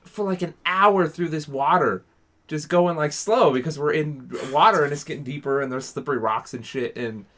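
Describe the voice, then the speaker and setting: A young man telling a long story on a podcast, rambling with restarts and acting out what others said. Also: normal speed. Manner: animated, acts out quotes in a higher voice; rambling with many restarts and fillers. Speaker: podcast co-host. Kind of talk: casual storytelling.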